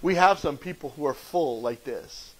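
In a fairly high, husky voice, a pastor preaches expressively at a moderate pace on a low-quality recording. He's emphatic, repeating key phrases and moving between loud declarations and hushed asides.

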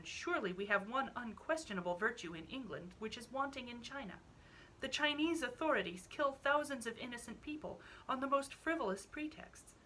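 A woman's voice: a little high, a bit bright, slight background noise, voice pushed up, rough recording. A woman reading an outspoken young Victorian lady who argues earnestly.

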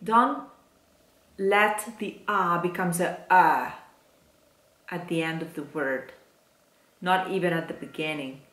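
Slow-spoken woman teaching diction. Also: fairly low pitch, fairly bright tone. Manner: slow, careful, demonstrating words aloud. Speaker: singing teacher. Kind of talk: diction lesson for singers. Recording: echoey room.

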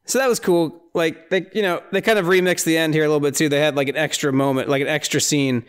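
A man's voice: fairly high pitch, fairly even intonation, fast talker, clear, resonant tone. A man hosting a podcast, casually recapping a horror film scene by scene, rambling and incredulous, often laughing. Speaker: podcast host.

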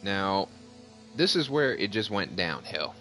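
A man hosting his gaming channel, casually telling a story over gameplay, getting animated as the story builds. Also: low-pitched, slow pace. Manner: animated storyteller, voice jumps up when retelling. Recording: faint music behind.

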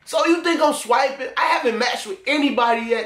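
A man's voice: very high voice, animated, moderate pace, few pauses, fairly bright tone. A young man giving loose, crude, teasing commentary as he reacts on his own channel. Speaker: YouTuber. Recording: echoey room.

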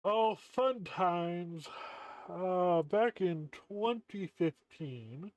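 Speaking extremely slowly in a high, animated voice with a darkish tone, a man jokes through a costume mask that makes him sound stuffy and muffled. It's casual game-stream chatter full of chuckles and free swearing, captured in dull, muffled lo-fi audio without room sound.

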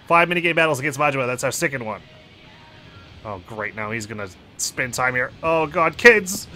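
A man commentating casually while playing a video game, excitable and quick to break into mock-outraged yelling. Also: on the high side, faint music behind, low-quality recording. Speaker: let's play gamer.

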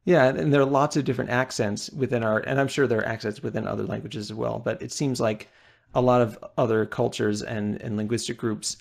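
A man's voice: mid-range voice, steady tone, a little fast, creaky. An American man co-hosting a podcast, talking casually and thoughtfully, building his points step by step. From United States. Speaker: podcast co-host. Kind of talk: casual chat.

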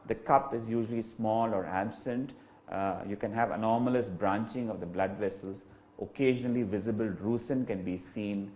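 A man, an eye doctor, giving a clinical webinar lecture in a measured, explanatory way with frequent "uh" fillers. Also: fairly low pitch, dull audio, a little hiss or hum. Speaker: ophthalmologist lecturer.

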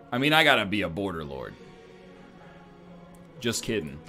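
A man's voice: low voice, sing-song, normal speed, long pauses, pushed and bright, faint music behind. A man joking and thinking aloud as he plays a strategy game, giving casual gameplay commentary. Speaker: gaming streamer.

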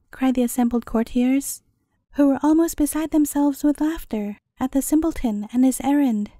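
A woman telling a fairy tale as bedtime story narration, in a gentle, measured way. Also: sits high, dry recording, studio quality.

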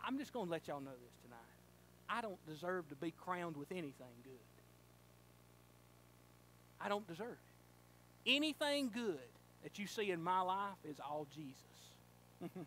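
Fervent preacher, high bright voice. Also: male voice, very animated, measured pace, long pauses, slight background noise. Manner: folksy storytelling, rising to fervent shouting. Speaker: pastor. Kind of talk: sermon. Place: church sanctuary.

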